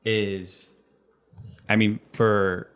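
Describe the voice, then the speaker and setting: A man's voice: lowish voice, flat delivery, very slow, fairly bright tone, clean tone. A man co-hosting a casual podcast, joking and chatting offhand with friends. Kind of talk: casual group chat.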